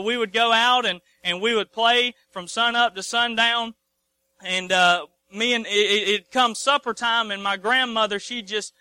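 A man's voice: sits high, bright, forceful tone, clean tone, no room sound. A man preaching a folksy sermon, repeating his phrases and calling for amens.

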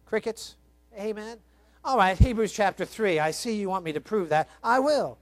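A man's voice: sits high, lively intonation, normal speed, no room sound. A pastor preaching a sermon, emphatic, asking his congregation rhetorical questions and reading scripture aloud. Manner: reads scripture aloud in old-fashioned wording.

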